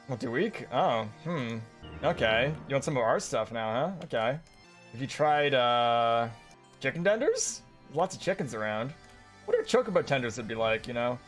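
A man giving casual, profane commentary while playing a game, excitable and laughing often. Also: mid-range voice. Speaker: streamer reacting to a game.

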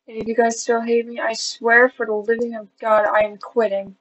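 A woman's voice: fairly high pitch, level tone, moderate pace, few pauses, a bit bright, highs cut off. A woman vlogging in a casual, giggly way, teary and self-deprecating, swinging between squeals and mumbles. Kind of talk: casual vlog chat.

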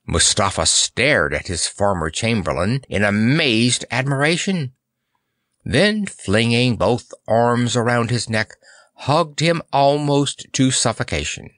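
A male audiobook narrator delivers scripted narration as an expressive, unhurried storyteller. His pitch is medium, and the studio-quality recording has no room sound.

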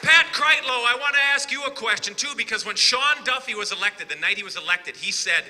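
A man giving an impassioned political rally speech, rising to shouted emphasis with sarcastic asides. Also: sits high, expressive, brisk, hardly any pauses. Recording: long reverb of a large hall.

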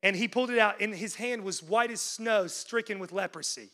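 A male pastor preaching a sermon, swinging between loud, urgent peaks and hushed lows, with casual "like" asides and calls to the congregation. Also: brisk. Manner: conversational asides with frequent "like" fillers.

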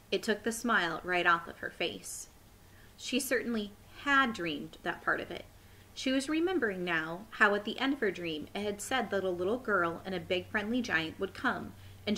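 Friendly teacher reading aloud to kids. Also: female voice, medium pitch, pushed and bright, a little hiss or hum, poor audio. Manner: friendly, clear, instructive. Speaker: elementary school teacher. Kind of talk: reading a chapter book aloud to children.

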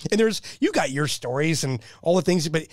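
Fiftyish male veteran guest, eager rambling storyteller, somewhat high voice, dry close sound. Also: expressive, a little fast, no room sound. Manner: enthusiastic, rambling storyteller who repeats himself. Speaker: podcast guest, military veteran. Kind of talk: casual storytelling.

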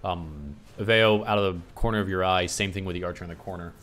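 A man's voice: deep voice, brisk, a bit bright. A man running a tabletop game as game master, narrating scenes with spoken sound effects over an online voice chat mic.

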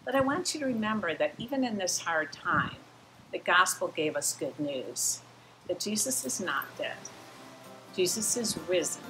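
A woman giving a children's sermon, telling a Bible story in an animated way and acting out the voices of the people in it. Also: lowish voice, moderate pace, soft background music, low-quality recording. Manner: animated, acts out quoted voices, talks straight to kids. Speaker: children's message leader.

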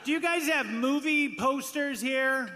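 A man on a live comedy podcast stage, telling a story with animated, mock-indignant energy. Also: extremely high pitch, measured pace. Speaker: podcast regular. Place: large theater stage before an audience. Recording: live theater hall with crowd noise.

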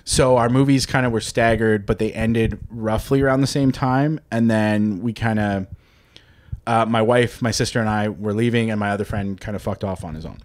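A man's voice: lowish voice, moderate pace. A man, telling a story in casual chat on a podcast, swearing freely and acting out the voices of the people in it. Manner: animated, swears freely, acts out quoted voices. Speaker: podcast guest.

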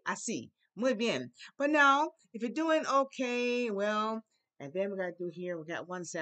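A woman teaching a Spanish class to young children, leading songs and call-and-response in a lively, sing-song way. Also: on the low side. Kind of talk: children's language lesson.

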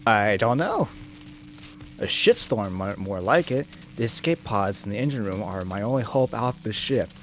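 A man casually commenting on his gameplay, joking and swearing and reacting loudly to scares. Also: lowish voice, lively intonation, normal speed, slight background noise. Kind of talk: casual let's-play commentary.

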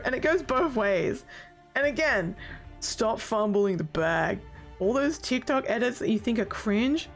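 A woman talks through a casual commentary video essay, brash and sarcastic, swearing freely and bursting into loud, exasperated outbursts. Her voice is a little high.

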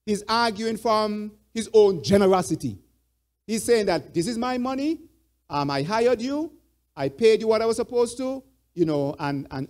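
A man's voice: high-pitched, darkish tone. A church elder teaching a Bible study. He repeats his points and prompts the group with fill-in "what?" questions.

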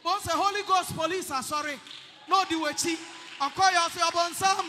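A man interpreting a sermon in church, calling out phrases loudly and with energy. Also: very high voice, steady tone, fairly quick, background noise. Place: church hall. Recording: reverberant hall.

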